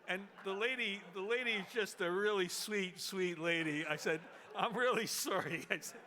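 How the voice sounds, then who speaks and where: A man speaking at a memorial who tells a humorous anecdote with animated storytelling and laughs along as he goes. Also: sits high, normal speed.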